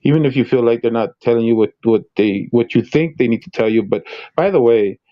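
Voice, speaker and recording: A man talks through a casual reaction commentary, circling back and repeating words as he builds his point. His recording sounds dull and lo-fi. His pitch sits in a middle range. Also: brisk. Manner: rambling, repeats words, laughs often. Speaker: co-host reacting to videos.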